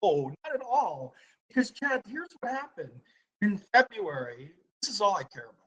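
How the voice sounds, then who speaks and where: A man's voice: high voice, very animated, moderate pace, fairly bright tone, highs cut off. A man hosting a live stream, talking to his viewers through a laptop's built-in mic, blunt and profane, repeating his questions at people in the chat.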